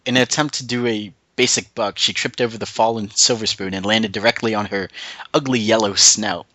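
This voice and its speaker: Bright-voiced man reading fanfic on a call. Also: fairly low pitch, no echo, low-quality recording. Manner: stumbles over words, breaks into laughter. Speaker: reader on a group call. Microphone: computer mic on a voice call.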